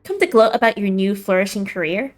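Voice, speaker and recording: A woman's voice: fairly high pitch, lively intonation, brisk, natural voice. A woman voicing a fierce, protective young woman coworker as she reads a visual novel aloud, talking in a hostile, scornful, confrontational way.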